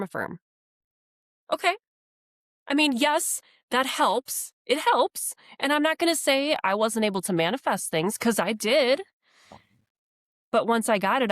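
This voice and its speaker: A woman co-hosting a casual podcast chat, lively and expressive and laughing often. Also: fairly high pitch, unhurried, no echo, clean studio sound.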